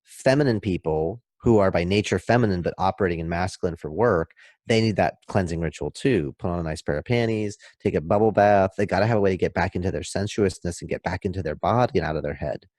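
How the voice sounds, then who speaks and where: A man speaking as a podcast guest, explaining in an emphatic, animated way and acting out little scenes. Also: low voice, fast, no echo, studio quality. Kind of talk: casual podcast talk, explaining.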